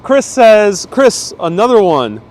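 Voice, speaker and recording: Walking city streets outdoors on a live stream, a man hosts a tour, chatting casually, reading viewer comments aloud and laughing often. His voice sits high with big pitch swings, a slow pace and a darkish tone, and he sounds a bit stuffy-nosed. A wireless clip-on mic picks up faint street noise.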